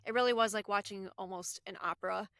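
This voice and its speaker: A woman's voice: mid-range voice, steady tone, fairly bright tone, no echo, clean studio sound. A woman co-hosting a podcast, chatting casually and enthusiastically about a cartoon episode. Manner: enthusiastic, quick to agree and laugh. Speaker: podcast co-host.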